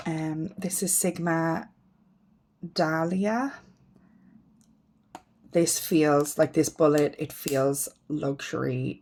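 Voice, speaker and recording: A woman's voice: deep voice, a little mellow, breathy edge. A woman beauty vlogger chatting casually as she sorts through her makeup, thinking aloud, frank and self-mocking, trailing off into ums. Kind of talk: casual makeup declutter chat.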